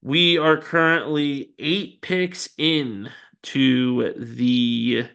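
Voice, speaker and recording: A man hosting a relaxed sports news podcast, speaking at an unhurried pace in a mid-pitched voice. His tone is smooth and clear, and he fills the gaps with ums and wry asides at his own expense. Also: dull audio. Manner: chatty and self-deprecating, frequent ums and asides. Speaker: podcast host. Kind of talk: casual sports news roundup.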